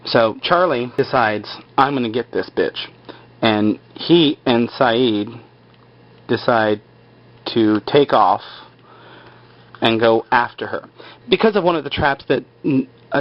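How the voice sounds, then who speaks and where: A man's voice: medium pitch, unhurried. A man casually retelling a TV episode, rambling with lots of filler words. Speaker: episode recapper. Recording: slightly muffled lo-fi recording.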